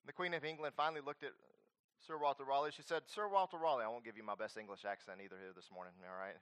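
A male preacher delivering a sermon, swinging between loud emphatic declarations and quiet earnest appeals. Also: mid-range voice, little pitch movement, very fast, clean tone.

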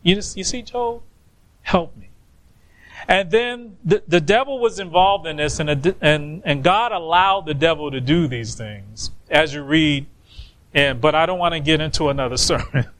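A man preaching a sermon, with emphatic, drawn-out stresses on key words. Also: on the high side, a bit bright.

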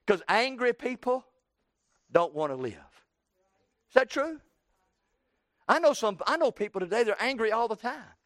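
High-voiced fervent preacher man. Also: big pitch swings, measured pace, pauses often, no echo, clean studio sound. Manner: fervent, repetitive, swings from soft to shouting. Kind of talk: sermon.

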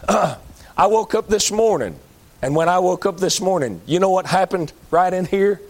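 A man preaching a sermon, moving between loud high-pitched calls and low pleading appeals. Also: lively intonation, measured pace.

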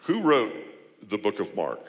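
A man's voice: lowish voice, wildly swooping pitch, unhurried. A male pastor preaching a sermon, firing off rhetorical questions and building to emphatic appeals. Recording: long hall reverb.

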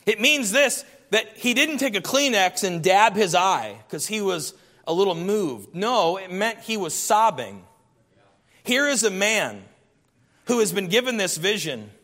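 A man preaching a sermon, his voice pitched high and ringing bright as he reads scripture aloud. He stacks up emphatic lists of repeated phrases. Each word trails off in a long reverb, as if in a large sanctuary. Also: sing-song, measured pace.

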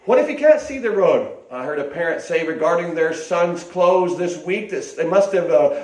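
A man's voice: high voice, animated, moderate pace, a little mellow. An older man preaching a sermon in a folksy, rambling way, with restarts and asides, in an echoey hall.

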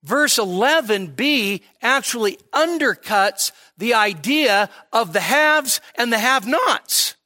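Male pastor, expository sermon, church service, slow emphatic delivery, high bright voice. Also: expressive. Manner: conversational teaching, frequent "okay?" and "all right?" checks; emphatic, slowing to stress key phrases.

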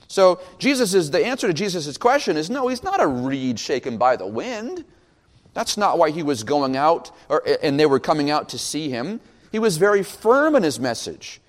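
Male pastor, sermon delivery, animated and expressive, fairly high voice, long church reverb. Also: brisk. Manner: animated, acts out questions in quoted voices. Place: church sanctuary.

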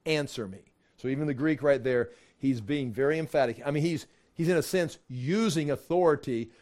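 A man teaching a casual Bible study, acting out the dialogue in his own voice and laughing as he gets animated. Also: fairly high pitch, normal speed.

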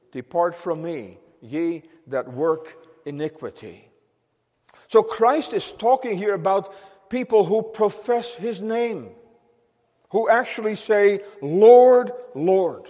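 Earnest high-voiced male preacher, echoing hall. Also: darkish tone. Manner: earnest, emphatic preaching with repeated phrases. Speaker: pastor. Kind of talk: sermon.

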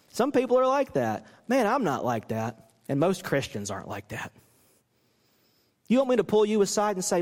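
A man, a pastor, preaching a sermon in an animated way, acting out the people he quotes. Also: sits high, moderate pace, in a large hall. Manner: animated, acts out quoted coaches with rising voice.

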